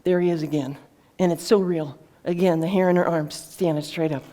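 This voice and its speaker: A woman's voice: lowish voice, steady tone, brisk, mellow. A woman author telling a heartfelt story to an audience in an earnest, conversational way, with fillers and restarts. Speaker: author presenting her book.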